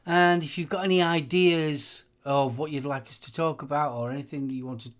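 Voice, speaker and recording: A middle-aged man co-hosting a live stream, chatting casually in a rambling, halting way, full of ums and restarts. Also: a little high, steady tone. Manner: rambling, halting, many fillers. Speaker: livestream co-host. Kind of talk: casual chat, sharing favourites.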